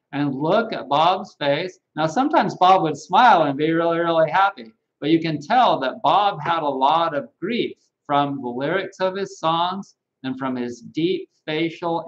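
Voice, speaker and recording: Slow-talking animated man with lively pitch. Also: lo-fi sound. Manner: chatty, animated, laughs at own jokes. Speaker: holistic health practitioner, live stream host. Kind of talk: casual live-stream monologue.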